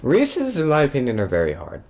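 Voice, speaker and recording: A man's voice: medium pitch, wildly swooping pitch, fairly quick, a little mellow. A young man, a music producer, casually talking through how he built a track, loose and offhand with frequent fillers and restarts. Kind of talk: casual tutorial narration.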